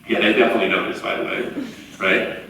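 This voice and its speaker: A man in his forties giving a live motivational talk, telling stories in an animated way and acting out the voices of the people he quotes. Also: on the low side, quick pace, a little hiss or hum. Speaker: motivational speaker. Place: large auditorium. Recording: echoey hall from far off, faint ambience.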